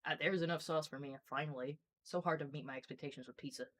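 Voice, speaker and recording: A woman hosting a casual stream, chatting quickly and reading out viewer messages. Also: low voice, a bit bright. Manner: quick, bubbly, reads chat messages aloud. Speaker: streamer and host. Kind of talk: casual chat while reading live chat.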